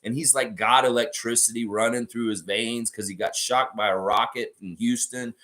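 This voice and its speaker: A man chatting casually about his team and then spinning a goofy improvised story. He rambles and restarts with plenty of fillers, his voice a middle pitch that keeps bouncing animatedly. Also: fairly even intonation, normal speed, pushed and bright. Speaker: basketball fan vlogger.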